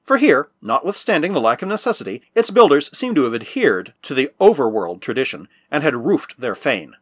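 A man reading a novel aloud as an audiobook narrator, in a measured storytelling manner. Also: medium pitch, husky, no room sound. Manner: measured storytelling with lively rises and falls.

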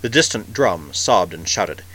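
Low, bright-toned male audiobook narrator. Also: lively intonation, low-quality recording. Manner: measured, vivid storytelling.

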